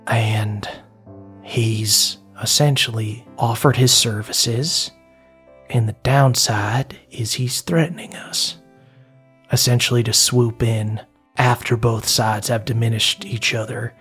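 A man's voice: mid-range voice, fairly even intonation, slow, a bit bright, husky, faint music behind. A man narrating a tabletop game as game master, in a casual style full of fillers.

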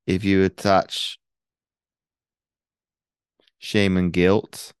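A man's voice: low voice, little pitch movement, extremely slow, clean tone, no echo. A man hosting an interview, asking long, rambling questions with many restarts. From North Wales. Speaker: podcast host. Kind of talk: casual interview.

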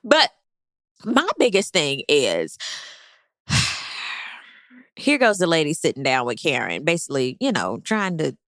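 A woman's voice: sits low, very animated, takes it slowly, long pauses, a bit bright, no echo, studio quality. A woman giving a casual, sassy recap of a reality show into a microphone, swearing freely. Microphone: speaking into a microphone.

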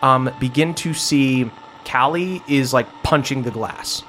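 Game master, man, casual filler-heavy narration, mid-pitched, faint music behind. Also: a little slow, fairly bright tone.

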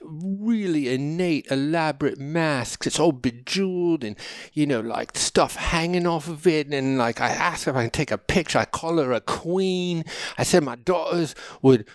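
A man's voice: fairly high pitch, dry recording, studio quality. Rambling, profane storytelling man. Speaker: host. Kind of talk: casual storytelling monologue.

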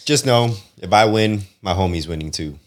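Man, very deep voice, podcast co-host, casual chat, blunt, emphatic. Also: moderate pace, slight background noise.

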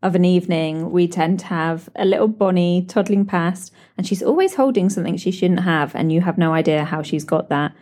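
A British woman hosting a podcast, telling animated stories with lots of laughs. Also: fairly low pitch, brisk, few pauses. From Britain. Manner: animated storytelling with frequent laughs and "like". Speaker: podcast host. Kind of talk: chatty solo podcast catch-up.

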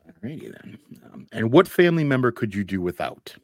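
A man's voice: medium pitch, sing-song, fairly quick, darkish tone, dry recording, clean studio sound. A man hosting a casual podcast, firing off quiz questions in a laid-back way. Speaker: podcast host.

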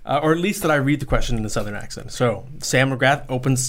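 A man's voice: medium pitch, fast talker, fairly bright tone. A man in his thirties co-hosting a sports podcast, giving opinionated takes with frequent self-corrections. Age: 30s. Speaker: podcast co-host. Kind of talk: casual sports talk.

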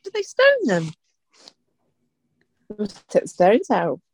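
A woman co-hosting a podcast in casual chat, expressive and full of joking complaints, swearing freely. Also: medium pitch, takes it slowly, gravelly, husky, no echo. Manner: expressive, swears freely, jokey exaggerated fear. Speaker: podcast co-host.

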